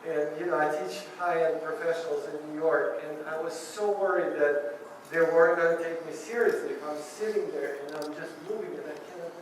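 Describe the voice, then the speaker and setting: A man's voice: fairly high pitch, steady tone, moderate pace, a little hiss or hum. Man with a Russian accent speaking in an echoey room. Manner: earnest, encouraging, with self-mocking humor. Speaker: ballet teacher speaking to a Parkinson's group. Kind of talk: public talk. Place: meeting room. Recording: echoey room, mic at a distance.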